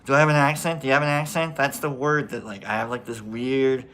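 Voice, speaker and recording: A man's voice: mid-range voice, steady tone, fairly quick, fairly bright tone. Rambling joking man from Nebraska. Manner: joking, self-deprecating, often drops to a mumble. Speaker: host of a mushroom-growing livestream. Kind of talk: rambling casual livestream chat.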